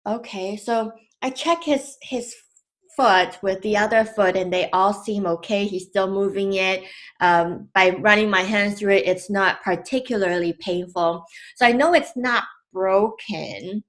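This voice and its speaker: A woman in her thirties gently telling a personal story about her young son, in a casual, unhurried way. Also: medium pitch.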